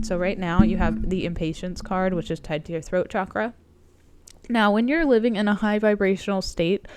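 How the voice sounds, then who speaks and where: A woman with a cold gives a casual tarot reading, her talk chatty and full of "like" and "um". Her voice is lowish, smooth and clear. The sound is dry and close. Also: a little mellow, dry recording. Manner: chatty, meandering, frequent "like" and "um". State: sick with a cold. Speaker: tarot reader and coach.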